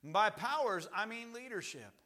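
Man preacher, high and bright, emphatic sermon delivery. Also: animated, normal speed. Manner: emphatic, swings between shouting and hushed.

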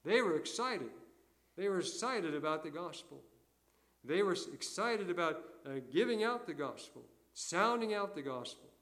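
Older guy preaching, folksy stories, voice a bit high, gets loud then drops quiet. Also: expressive, normal speed. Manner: folksy storytelling preacher, swings between loud emphasis and quiet asides. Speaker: pastor. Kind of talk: sermon.

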